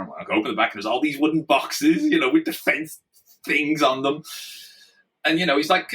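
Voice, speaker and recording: A man with an Irish accent, a guest telling anecdotes in an animated, laughing way. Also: a little high, brisk, recorded from a distance, poor audio. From Ireland. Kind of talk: storytelling in conversation.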